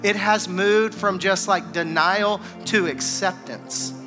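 High-voiced man preaching over music. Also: slow pace. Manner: conversational preaching, acts out scripture dialogue. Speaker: pastor. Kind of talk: sermon. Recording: music playing behind.

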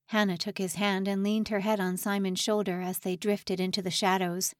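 A woman's voice: mid-range voice, level tone, moderate pace, few pauses, no echo, clean studio sound. A woman narrating a suspense novel audiobook in a dramatic, tension-building read. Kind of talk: scripted narration.

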